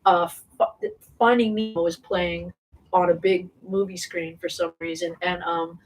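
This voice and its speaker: Before a small audience at an indoor venue, a singer tells a rambling story full of laughs, fillers, and swearing in a casual way. Her voice is fairly low and steady at a measured pace, picked up by a distant mic with faint noise.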